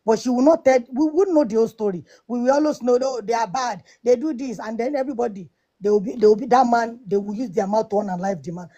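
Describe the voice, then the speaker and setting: A woman's voice: fairly high pitch, quick pace, dark tone, lo-fi sound. A woman on a live audio panel debate, lecturing emphatically and repeating her points. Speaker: panel speaker.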